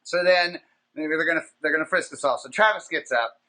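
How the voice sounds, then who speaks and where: A man hosting a podcast, telling a long, profane anecdote in a casual, animated, rambling way. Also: on the high side, fairly quick. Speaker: podcast host. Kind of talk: casual storytelling.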